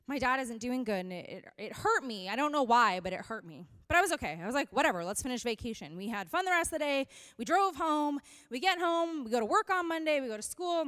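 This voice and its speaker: Young female youth pastor, higher, smooth voice, close dry mic, earnest sermon delivery. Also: no room sound. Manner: earnest and animated, mixes scripture with candid storytelling. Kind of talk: youth sermon with personal story. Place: church hall.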